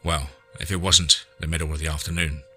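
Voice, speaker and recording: A man narrating an audiobook story in a measured, scripted way. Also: a bass voice, level tone, bright, forceful tone, breathy edge, faint music behind.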